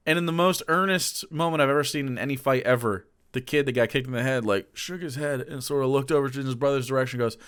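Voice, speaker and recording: A man's voice: mid-range voice, a bit bright, clean tone. A man streaming live and telling rambling, profane stories, laughing often as he talks. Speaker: streamer reacting to a clip. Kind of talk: casual livestream storytelling.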